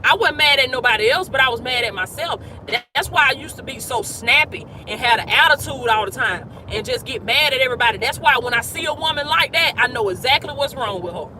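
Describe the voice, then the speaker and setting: Emphatic high-voiced woman coaching outdoors. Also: expressive, fairly quick, few pauses, sharp tone, a faint crowd, slight background noise. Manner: emphatic, repetitive preaching cadence. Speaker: life coach. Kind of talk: motivational talk.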